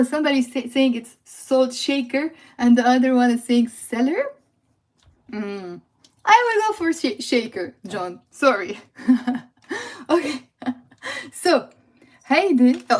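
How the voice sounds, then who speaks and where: A woman with a Lebanese accent runs a live language lesson, repeating words and calling out to viewers by name. She laughs easily and keeps the tone playful. Her voice sits a little high. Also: darkish tone. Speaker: Lebanese Arabic teacher. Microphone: phone or computer mic on a livestream.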